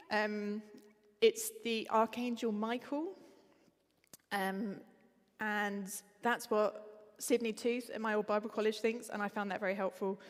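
Woman preacher, Essex accent, conversational sermon, higher register, big reverberant hall. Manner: conversational, lively, frequent ums.

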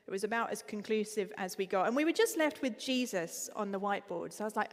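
A woman with an Essex accent preaching a sermon in a conversational, lively way, with frequent ums. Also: medium pitch, quick pace, big-room sound.

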